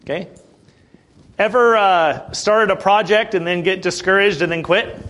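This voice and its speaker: A man with a fairly high voice preaches a sermon. He reads a passage aloud, then talks it through in plain words. He clears his throat often and keeps asking his listeners "okay?". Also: a little slow, fairly bright tone. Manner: checks in with listeners, "Okay?" and "Amen?".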